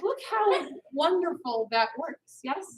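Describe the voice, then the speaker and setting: A woman's voice: high-pitched, very animated, slow. A woman instructor teaching a children's karate class in a commanding way, calling for the class to answer back. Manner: commanding, calls for "yes, ma'am" replies. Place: martial arts studio. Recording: noisy studio background.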